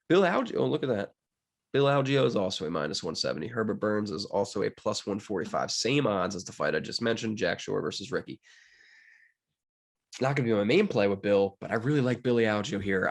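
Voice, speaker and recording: A young man from Pennsylvania chatting casually and jokingly about fight betting picks, with big swings in his delivery. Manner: animated, jokey, wide swings in pitch. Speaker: sports betting commentator. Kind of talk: casual solo betting talk.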